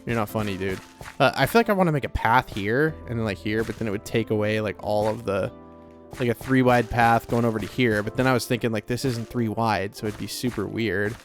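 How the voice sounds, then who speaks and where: A man's voice: on the low side, fairly quick, soft background music. A man giving casual, rambling commentary as he plays a video game, talking to himself with lots of filler words. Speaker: Let's Play creator.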